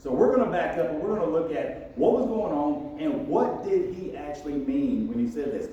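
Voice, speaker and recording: A man's voice: a little high, warm tone, muffled recording. Pastor guy giving a laid-back jokey sermon, echoey church, faint hiss. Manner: casual and joking, with many asides. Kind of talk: conversational sermon. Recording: very echoey room, mic far off, faint noise.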